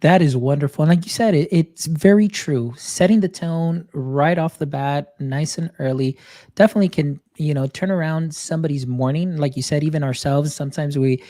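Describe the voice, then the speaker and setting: A man's voice: a little high, moderate pace, dark tone, dry recording. A man hosting an education podcast, asking long, rambling questions full of fillers. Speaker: podcast host. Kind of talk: casual interview.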